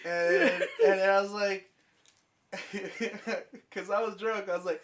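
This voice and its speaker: Speaking slowly in a high-pitched voice over slight background noise, a young man co-hosting a casual podcast spins a crude tale. He's profane and lively, performing both halves of the dialogue himself.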